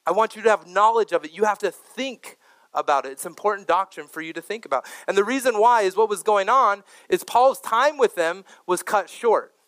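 A man's voice: high-pitched, fairly bright tone, clear, resonant tone, no echo. A male pastor preaching a sermon to his congregation, telling stories in a conversational way and asking the room questions.

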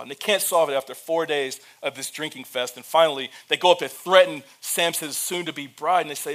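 Man with a slightly high voice, preaching with humor and talking straight to the congregation. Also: fairly quick, few pauses. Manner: lively storytelling with humor; addresses the church directly. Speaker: pastor. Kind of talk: sermon.

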